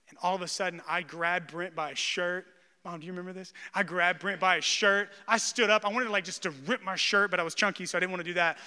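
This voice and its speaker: Male pastor, high bright voice, emphatic sermon delivery in a reverberant church hall. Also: a little fast, clear, resonant tone. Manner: animated storyteller, self-deprecating humor, emphatic preaching. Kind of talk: sermon with personal storytelling.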